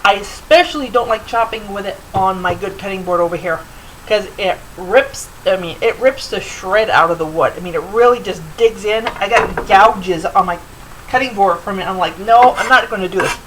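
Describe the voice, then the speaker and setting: A woman's voice: mid-range voice, moderate pace, a little hiss or hum, low-quality recording. A middle-aged woman hosting a home cooking show, chatting loosely with fillers as she demonstrates in her kitchen.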